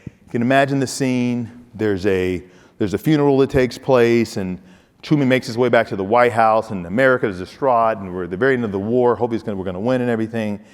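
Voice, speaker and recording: A man's voice: mid-range voice, quick pace, in a large hall. A man giving a humorous motivational speech, telling stories and talking straight to his audience. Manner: humorous, storytelling, addresses audience directly. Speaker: keynote speaker, former football player.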